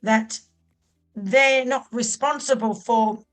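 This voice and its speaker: A woman's voice: a little high, steady tone, slow pace, poor audio. A middle-aged Australian woman, a podcast guest speaking earnestly and with heartfelt emphasis. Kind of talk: podcast interview.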